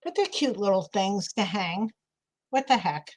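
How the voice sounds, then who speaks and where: A woman's voice: mid-range voice, expressive, unhurried, darkish tone, rough recording. A woman with a New York City accent hosting a live craft stream, chatting and thinking aloud as she works. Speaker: craft livestream host. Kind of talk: casual live crafting chat.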